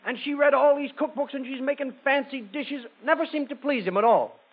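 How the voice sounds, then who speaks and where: A man telling a comic story on a radio comedy show, in a lively storytelling manner. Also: very high voice, fairly quick. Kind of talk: 1940s radio joke telling. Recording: tinny lo-fi old radio broadcast.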